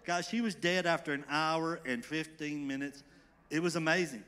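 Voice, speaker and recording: Bright-voiced man telling a church testimony. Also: on the high side, moderate pace, clear, resonant tone. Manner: emphatic storytelling, swings from hushed to excited. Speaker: church member giving testimony. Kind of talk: sermon testimony. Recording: long hall reverb.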